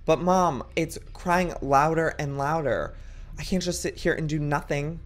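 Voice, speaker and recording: A man's voice: on the high side, unhurried, lightly acted. Young man voicing a scared teen girl in a chat story, anxious and pleading. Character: frightened teenage girl texting her mom.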